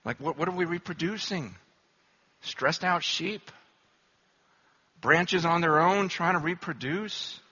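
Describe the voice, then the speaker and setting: A man's voice: fairly high pitch, takes it slowly, long pauses, bright, forceful tone, husky. A man in his forties preaching at a conference, telling stories in a conversational, self-deprecating way that builds to impassioned urgency. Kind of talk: conference sermon. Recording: dull lo-fi conference recording.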